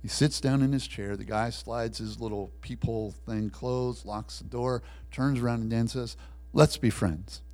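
A man preaching a sermon, telling a story and acting out the voices in it, swinging between loud bursts and hushed lines. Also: mid-range voice, fairly even intonation, normal speed, few pauses.

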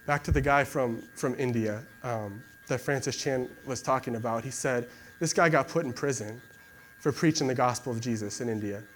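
A man's voice: mid-range voice, normal speed, a bit bright, a little hiss or hum. A young man giving a casual sermon and leading a prayer, talking conversationally and filling gaps with "like". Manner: conversational, many fillers like "like". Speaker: preacher.

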